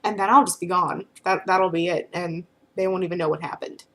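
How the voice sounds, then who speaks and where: A woman's voice: lowish voice, steady tone, fairly quick. A woman talking casually to the camera, answering questions in a frank, rambling way full of filler phrases.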